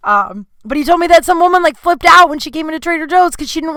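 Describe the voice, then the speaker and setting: A woman's voice: very high-pitched, lively intonation, fast talker, few pauses, bright, forceful tone, dry recording. A woman hosting her own podcast, talking in a rambling, candid way with many fillers and sudden bursts of exasperation. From California. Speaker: podcast host. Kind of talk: casual solo podcast monologue.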